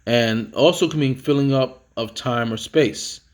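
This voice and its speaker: Male teacher, mid-pitched voice, reads out vocab definitions, punches each headword. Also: unhurried. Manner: reads each headword louder and higher, then drops to explain; casual, with fillers and self-corrections. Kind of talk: vocabulary lesson, reading definitions aloud.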